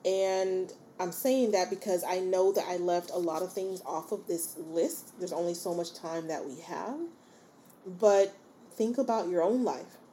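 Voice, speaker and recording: A woman's voice: on the low side, unhurried, warm tone, a little hiss or hum. A woman hosting a solo podcast, talking informally and encouragingly and often checking in with her listeners. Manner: chatty and informal. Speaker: podcast host. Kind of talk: casual solo podcast talk.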